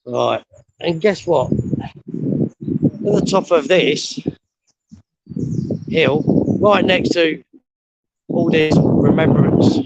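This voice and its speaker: Middle-aged man, winded, gravelly and plain-spoken, swears freely, casual outdoor walking vlog. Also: on the high side, extremely slow, pauses often, poor audio. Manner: blunt, swears a lot, rambling. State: out of breath. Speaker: vlogger. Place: outdoors on a steep hill road.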